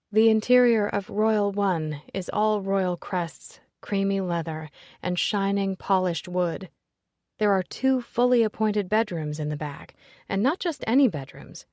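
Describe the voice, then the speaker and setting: A woman reading a first-person audiobook in an expressive, emotional storytelling manner. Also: medium pitch, no room sound, studio quality. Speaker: audiobook narrator.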